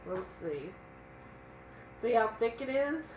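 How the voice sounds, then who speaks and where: Lively, slow-talking woman. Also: on the high side, echoey room, highs cut off, slight background noise. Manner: chatty, reads viewer comments aloud. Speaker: cooking channel co-host. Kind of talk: casual live-stream cooking chat.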